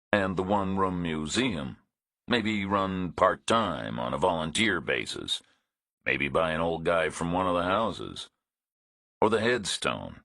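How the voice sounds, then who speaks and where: A man narrating a thriller audiobook in a measured, understated reading. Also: sits low, gravelly, fairly bright tone, slightly rough, dry recording, studio quality.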